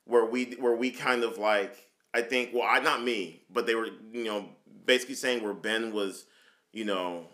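A man's voice: lowish voice, fairly even intonation, normal speed, bright, forceful tone. A man co-hosting a casual chat podcast, rambling with many restarts and fillers. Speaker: podcast co-host.

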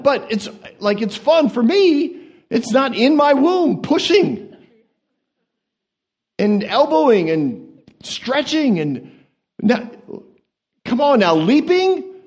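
A man preaching a sermon as an animated, joking storyteller, swinging from quiet asides to excited peaks. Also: sits high.

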